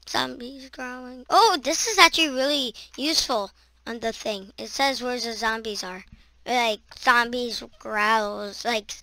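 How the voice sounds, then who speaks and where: A woman with a high, very sharp and piercing voice talks her way through a game in unhurried let's-play commentary. She chatters to herself and bursts into shrieks and yells at every monster that appears. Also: no room sound. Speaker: gaming channel host.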